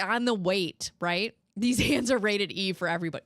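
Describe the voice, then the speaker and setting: A woman chatting casually as a show host, telling lively stories. She jumps into high, loud impressions of other people and swears without a second thought. The sound is dry and close, with no room echo. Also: brisk, hardly any pauses. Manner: animated storytelling, mimics people in raised voices, swears freely. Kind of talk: casual chat.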